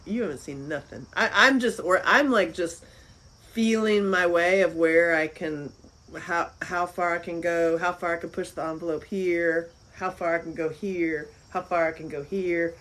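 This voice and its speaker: A woman talking as an interview guest in casual chat. She is animated, laughs often and repeats phrases. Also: lowish voice, normal speed, poor audio. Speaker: interview guest, filmmaker and author.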